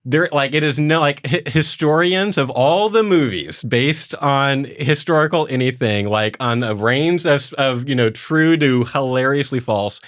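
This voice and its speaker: A man hosting a church podcast, explaining things in animated, rambling casual chat. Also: medium pitch, a little slow, few pauses, no room sound, studio quality.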